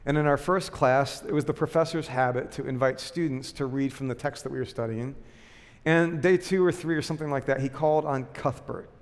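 A man's voice: medium pitch, brisk, big-room sound. A man, a pastor, preaching a sermon full of personal stories in a conversational, self-deprecating way with lots of fillers and restarts.

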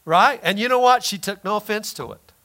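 A man's voice: high-pitched, animated, brisk, pushed and bright. A man preaching a sermon in a conversational, emphatic way, often acting out quoted voices.

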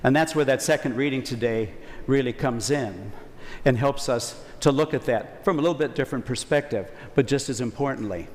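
Folksy preacher in a reverberant church. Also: male voice, medium pitch, a little fast, a little hiss or hum. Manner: conversational, folksy preaching with acted-out quotes. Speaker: priest. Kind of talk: Sunday homily.

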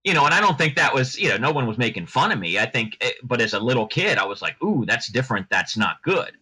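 A man's voice: mid-range voice, very animated, fast talker, bright, forceful tone, breathy edge, low-quality recording. A middle-aged man, a lawyer, talking as a podcast guest in a rambling, chatty way with frequent restarts. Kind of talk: casual podcast interview.

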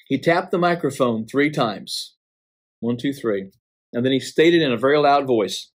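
A man recounting a prophetic dream in a halting, dramatic way, repeating words and slowing for emphasis. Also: medium pitch. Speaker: dream narrator.

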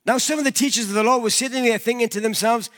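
A man's voice: very high-pitched, fast, fairly bright tone. A male pastor giving a conversational sermon in a church, using props and everyday examples.

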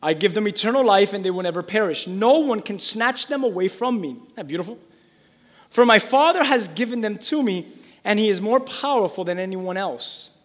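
A man preaching a sermon as pastor, fervent and repetitive, building up to shouting. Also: high voice, expressive, moderate pace, in a large hall. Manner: fervent, repeats phrases for emphasis, builds to shouting.

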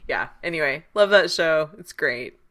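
A woman co-hosting a podcast in relaxed casual chat, rambling with fillers and laughs. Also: deep voice, normal speed. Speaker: podcast co-host. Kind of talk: casual chat, recommending a show.

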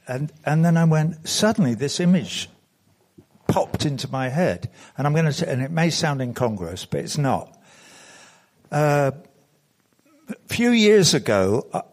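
Brief: man at a conference podium, loose storyteller, stops and restarts, mid-pitched. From England. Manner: rambling storytelling with self-corrections. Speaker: conference speaker. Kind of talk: anecdotal conference speech. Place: conference hall.

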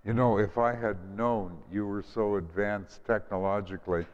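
A male pastor giving a gentle sermon, with prayerful pauses and restarts, recorded in a church with a dull sound and a long hall echo. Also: lowish voice, steady tone, a little hiss or hum. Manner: gentle, prayerful delivery with frequent ums and restarts.

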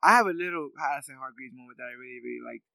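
A man's voice: mid-range voice, lively intonation, rapid-fire, gravelly, pushed and bright, clear, resonant tone, dry recording, poor audio. A man co-hosting a casual chat reviewing a TV series, talking in a thoughtful, reflective way with many filler ums. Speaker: podcast co-host.

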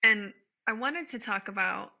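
A woman's voice: mid-range voice, a little slow, gravelly. A woman hosting a casual conversation, sharing openly and giggling easily. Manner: open, warm sharing, giggly.

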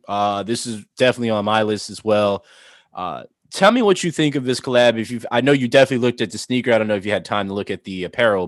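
A man's voice: mid-range voice, no room sound, studio quality. A man co-hosting a casual sneaker podcast, talking in a rambling, enthusiastic way with many restarts. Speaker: podcast co-host.

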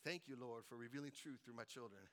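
A man's voice: mid-range voice, fast talker, a bit bright. A middle-aged man preaching a sermon, telling stories and tossing in rhetorical "right?" asides. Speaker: pastor.

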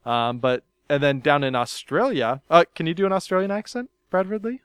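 A man's voice: fairly high pitch, fairly quick, clean tone, no room sound, studio quality. A man hosting a casual podcast, teasing his co-host and laughing often.

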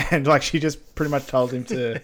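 A man co-hosting a casual film recap podcast, recounting scenes in a relaxed way with many fillers. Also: medium pitch, moderate pace. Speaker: podcast co-host.

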